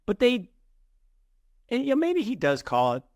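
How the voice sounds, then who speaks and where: A middle-aged man co-hosting an investing show, chatting in an animated way with many restarts and repeated words. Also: extremely high pitch, normal speed, no echo, studio quality. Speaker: co-host of a crypto investing show. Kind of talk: casual conversational commentary.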